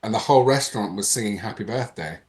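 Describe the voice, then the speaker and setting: A man, a podcast guest, telling a personal story in a lively, animated way. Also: fairly low pitch, fast talker. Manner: animated, reenacts dialogue in changing voices. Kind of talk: casual storytelling.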